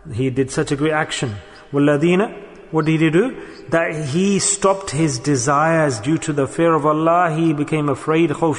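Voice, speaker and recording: In a slightly bright, somewhat high voice, a man preaches, weaving stories together with recitations of Arabic verses. The sound rings out with a long reverb, like a large hall.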